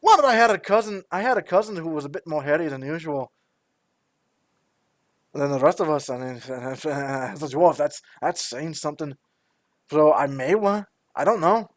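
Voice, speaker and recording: A man's voice: on the high side, normal speed, no room sound, natural voice. A man voicing a cheery, boisterous male dwarf repairman in a tabletop game. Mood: jovial. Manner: boisterous, jovial, calls people laddie.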